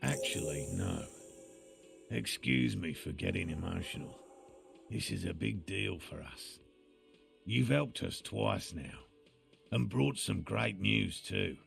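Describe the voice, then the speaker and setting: A man's voice: sits low, animated, slow, vocal fry, a bit bright, faint music behind, exaggerated voice. An actor playing an earnest male cryptozoologist in a game, speaking formally and with measure. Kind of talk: game voice acting.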